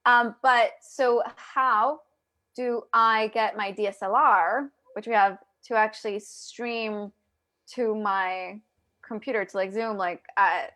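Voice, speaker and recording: A woman's voice: medium pitch, steady tone, takes it slowly, pushed and bright. A woman hosting a casual live video chat, talking straight to her viewers with lots of restarts, over a video call mic. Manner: chatty, addresses viewers directly, many restarts. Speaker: host.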